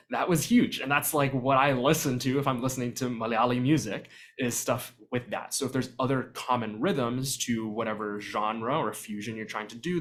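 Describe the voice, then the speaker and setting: Man, workshop presenter on a video call; relaxed explanatory delivery, filler-heavy. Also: medium pitch. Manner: explanatory, conversational with frequent ums. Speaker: vocal percussion workshop presenter. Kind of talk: virtual workshop lecture.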